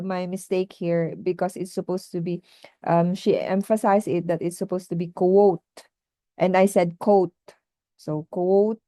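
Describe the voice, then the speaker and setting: A woman's voice: fairly low pitch, mellow, no echo. A woman tutor talking through her teaching interview in a casual vlog, hesitant with many fillers and restarts. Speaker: online English tutor.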